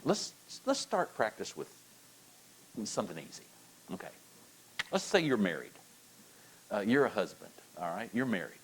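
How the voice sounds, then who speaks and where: A male pastor, preaching a sermon and coaxing his congregation into repeating lines after him, with animated, playful encouragement. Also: lowish voice, moderate pace, long pauses, slight background noise, poor audio. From United States.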